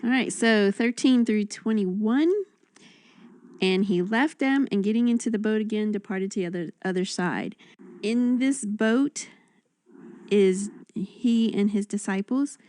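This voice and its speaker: A woman's voice: medium pitch, a little slow, darkish tone, dry recording. A woman reading Bible verses aloud, then commenting on them in a conversational way. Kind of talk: reading and discussing scripture.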